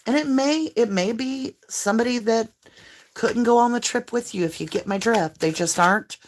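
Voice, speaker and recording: A woman's voice: mid-range voice, slight background noise. Chatty, scattered woman reading tarot. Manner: chatty, scattered, spiritual, reassuring. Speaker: tarot reader. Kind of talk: casual tarot reading to viewers.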